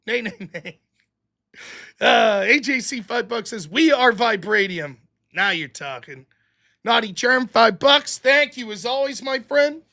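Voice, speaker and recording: Male stream host, high bright voice, sarcastic and profane, loose rambling delivery. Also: animated, unhurried, gravelly. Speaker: show host. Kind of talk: livestream chat reading donations.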